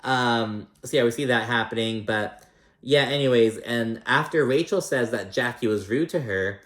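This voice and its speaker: A man's voice: mid-range voice, normal speed, a bit bright. Profane chatty man recapping in an echoey room. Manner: chatty and profane, acts out quotes in mock voices. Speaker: reality TV recap host. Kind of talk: casual recap chat.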